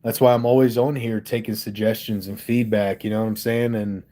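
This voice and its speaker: Man from Delaware, lowish voice, candid and profane, hosts his own livestream chat into a studio mic. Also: level tone, fairly quick, warm tone. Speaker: livestream host and rapper. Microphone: studio microphone.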